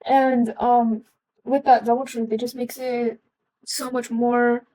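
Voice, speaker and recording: A woman's voice: fairly high pitch, flat delivery, takes it slowly, dark tone, no room sound, low-quality recording. A young adult woman giving a casual explanatory talk, earnest, with frequent ums and restarts.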